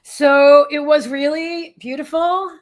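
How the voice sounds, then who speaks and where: A middle-aged woman with a slightly high voice hosts a casual psychic livestream. She tells her story in an emotional, rambling way, restarting her sentences and turning aside to greet viewers in the chat. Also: fairly even intonation, slow pace.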